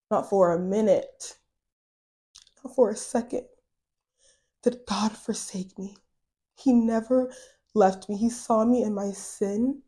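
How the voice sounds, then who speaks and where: A woman's voice: on the low side, darkish tone. A woman hosting a podcast, telling her personal faith testimony in a casual, earnest way with many fillers. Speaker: podcast host.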